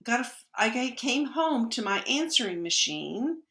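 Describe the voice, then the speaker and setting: A woman's voice: on the high side, moderate pace. A woman guest on a podcast, telling a personal story in conversation and acting out the lines of the people in it. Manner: lively storyteller who acts out quoted dialogue. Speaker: podcast guest, energy healer. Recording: echoey room.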